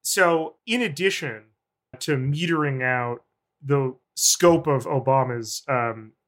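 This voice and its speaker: A man, a journalist guest, giving long, deliberate analytic answers in an interview. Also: mid-range voice, fairly bright tone.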